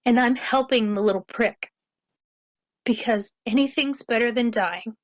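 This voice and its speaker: A man's voice: extremely high pitch, measured pace, dry recording, dull audio, voice pushed up. A man voicing a frightened young woman held at knifepoint in an audiobook, in a raised, tense, pleading voice. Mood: desperate.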